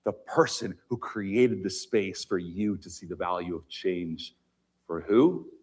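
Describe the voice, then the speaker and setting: A man giving an inspirational talk on stage in a large auditorium, emphatic, swinging between loud and quiet. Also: deep voice, measured pace, breathy edge.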